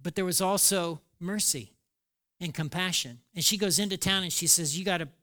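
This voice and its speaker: A man preaching a sermon, animated, acting out quoted lines with small laughs. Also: sits high, normal speed. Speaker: pastor.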